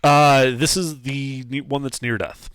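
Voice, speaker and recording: A man's voice: medium pitch, steady tone, a little slow, fairly bright tone, dry recording, clean studio sound. A man acting as game master, giving matter-of-fact rulings and laughing easily. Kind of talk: running a tabletop game over voice chat.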